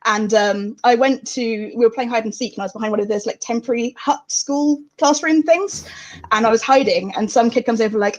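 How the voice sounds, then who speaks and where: A young Englishwoman with a South East London accent talks in a slightly high voice. She rambles through her stories in casual chat and leans on "like" as filler. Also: brisk. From England. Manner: rambling storyteller, lots of "like" and laughter.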